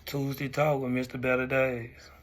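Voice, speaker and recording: A young man in his twenties, hosting a weekly talk segment and reflecting in a relaxed, conversational way. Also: medium pitch, normal speed. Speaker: host. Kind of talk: casual talk-show commentary.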